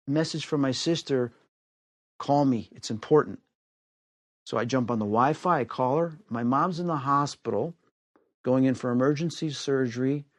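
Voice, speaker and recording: A man from the United States telling a personal story in an animated way, acting out the voices of the people in it. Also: dry recording. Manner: acts out quoted voices with big pitch swings. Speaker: storyteller guest.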